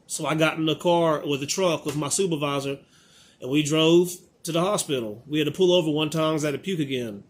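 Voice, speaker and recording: A man's voice: a little high, fairly quick. A man in his thirties telling a story to his viewers in a casual, exasperated way, acting out both sides of the conversation. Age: 30s. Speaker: vlogger.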